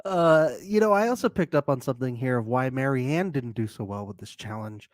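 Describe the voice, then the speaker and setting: A man's voice: medium pitch, expressive, a little fast, no echo, clean studio sound. A man co-hosting a casual recap podcast, joking and laughing often. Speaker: podcast co-host.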